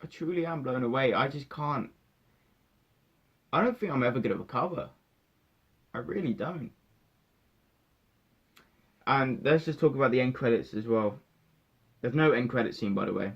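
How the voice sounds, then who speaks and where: A young man, giving an emotional, halting spoiler review of a film that often repeats itself. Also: medium pitch, expressive, husky. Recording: dull lo-fi sound.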